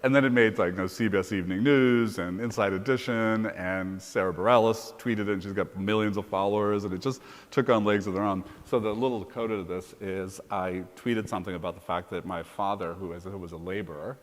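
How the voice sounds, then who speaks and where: A deep, low-voiced man talks quickly through lively anecdotes, the way a university president does in a conference fireside chat. His voice carries the long reverb of a large conference hall. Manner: brisk anecdotal storytelling. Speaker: university president being interviewed.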